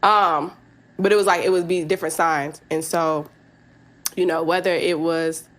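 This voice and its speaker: A woman in her thirties telling a personal story on her podcast. Her voice sits a little low, and she talks frankly and swears freely. She laughs often along the way. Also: steady tone, moderate pace. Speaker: podcast host.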